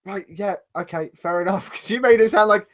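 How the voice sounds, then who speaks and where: A British man co-hosts a live podcast full of casual banter, his high voice brisk as he gets blunt, sweary and argumentative.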